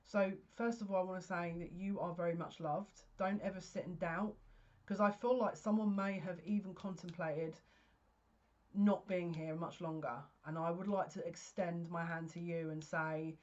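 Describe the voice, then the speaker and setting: Woman, psychic reader, earnest rambling talk, lowish voice, dull lo-fi sound. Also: steady tone, moderate pace. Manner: earnest, emotional, rambling with restarts. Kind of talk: casual spoken reading to camera.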